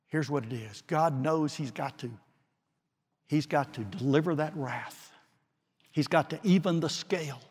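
A man preaching a sermon with slow, dramatic delivery and long pauses, swinging from forceful declarations to hushed, quiet phrases. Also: on the high side, lively intonation, breathy edge. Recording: long reverb of a large hall.

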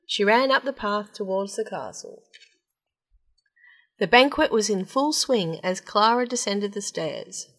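A woman storyteller reading fairy tales aloud in a gentle, even narration. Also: mid-range voice, unhurried.

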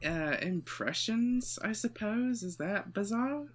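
A young woman co-hosting a casual chat over a call, hesitant and soft-spoken. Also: mid-range voice, expressive, slow pace. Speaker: podcast co-host.

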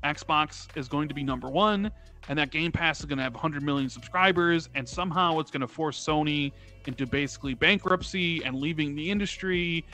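A man's voice: a little high, a little fast, sharp tone. A man talking casually on a gaming podcast. He rambles with lots of fillers and rhetorical questions, with faint music behind. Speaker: podcast guest.

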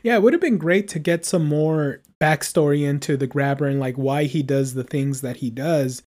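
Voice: mid-range voice, normal speed, a little mellow. A podcast co-host recapping a horror film's scenes in casual chat, with lots of "like" and "um". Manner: recaps scenes with many likes and ums. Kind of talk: casual film review chat.

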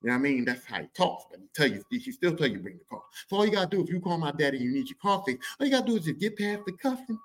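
A man telling a comic story on his podcast, animated and profane, repeating lines for emphasis. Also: on the high side, very fast, few pauses. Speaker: podcast host.

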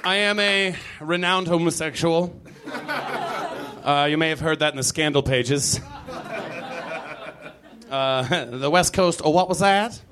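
A man with a high voice does stand-up on a club stage, talking in a loose, rambling way. Now and then he jumps into loud, booming put-on voices. A lively audience laughs around him throughout the live recording. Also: measured pace, long pauses, crowd noise. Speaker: stand-up comedian.

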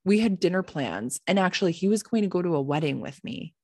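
A woman's voice: fairly low pitch, fast, husky, no room sound, studio quality. A young woman hosting a casual chat, telling a story animatedly with plenty of "like" and swearing. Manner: animated, swears freely, lots of "like". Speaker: podcast co-host.

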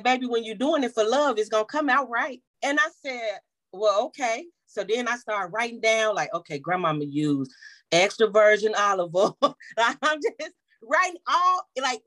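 A woman in her thirties telling a personal family story, bringing the voices of her relatives to life. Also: fairly high pitch. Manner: animated, acts out the voices of family members. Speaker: small business owner.

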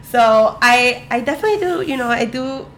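A young woman co-hosting a casual chat with a friend, telling stories with lots of quoted voices in a chatty, animated way. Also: a little high, moderate pace, a little hiss or hum. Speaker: podcast co-host.

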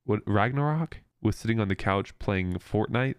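A man's voice: on the low side, moderate pace, smooth, no echo, clean studio sound. A man co-hosting a podcast in casual chat, hesitant and full of "like" as he talks about a film. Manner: hesitant, restarts, lots of "like". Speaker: podcast co-host.

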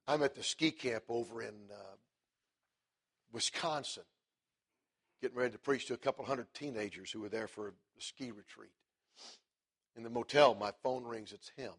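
A middle-aged man preaching a sermon, telling a story and swinging from hushed, quiet stretches to loud, emphatic preaching. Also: medium pitch, normal speed, pauses often, slightly rough.

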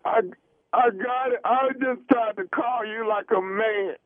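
A man's voice: sits high, measured pace, dry recording. A man making a radio prank call, pleading plaintively in a put-on voice. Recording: tinny phone line.

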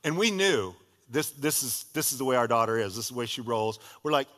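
A man's voice: mid-range voice, fairly quick, big-room sound. A middle-aged male pastor preaching a sermon, telling a personal story in a casual, conversational way. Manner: casual, conversational storyteller with lively retold dialogue. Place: church sanctuary.

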